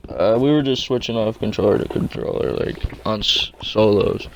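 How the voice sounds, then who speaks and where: A man's voice: fairly low pitch, normal speed, slight background noise. A young man casually telling a rambling, slangy story. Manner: rambling, slangy, laid-back.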